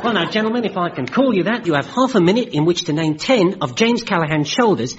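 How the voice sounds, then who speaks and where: A man playing a brash game show host in a comic radio sketch, firing off rapid punning patter. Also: sits high, expressive, breathy edge. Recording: dull old radio recording with loud audience and noise.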